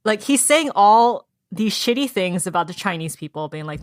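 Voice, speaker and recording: A woman's voice: medium pitch, moderate pace, hardly any pauses, dry recording, clean studio sound. A woman co-hosting a podcast, chatting casually about a novel and acting out characters' lines. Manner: animated, acts out characters' lines in quotes. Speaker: podcast co-host. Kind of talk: casual book club chat.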